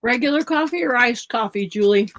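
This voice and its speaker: A woman chatting casually with her co-host during a craft session, lively and quick to laugh. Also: on the high side, no echo, poor audio. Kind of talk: casual chat while crafting.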